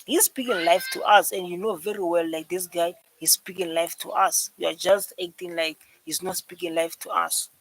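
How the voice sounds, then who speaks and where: A man's voice: high-pitched, fairly even intonation, moderate pace, hardly any pauses, a bit bright, rough recording. A man reacting to a speech in casual, rambling commentary, emphatic and repeating himself. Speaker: reaction video host.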